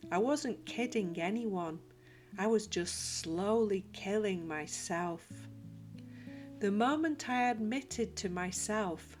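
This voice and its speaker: A woman narrating a scripted motivational self-help talk, slow, deliberate and reflective. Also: mid-range voice. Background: soft guitar music.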